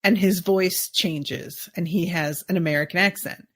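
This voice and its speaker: A woman's voice: on the low side, fairly even intonation, moderate pace. A woman hosting a podcast, casually recapping a TV episode in a chatty, musing way with plenty of "like" asides. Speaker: podcast host.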